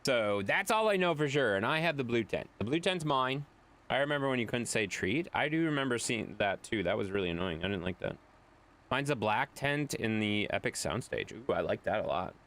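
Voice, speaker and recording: Man, streamer, casual live chat, middle pitch, very animated intonation, rambling. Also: brisk. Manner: rambling, chatty, reads and answers viewer chat.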